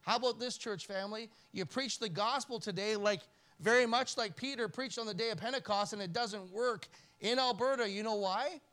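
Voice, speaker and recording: A man preaching a sermon in church as pastor, swinging from loud emphasis to near-whispered pleading. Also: sits high, normal speed, hardly any pauses. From Canada.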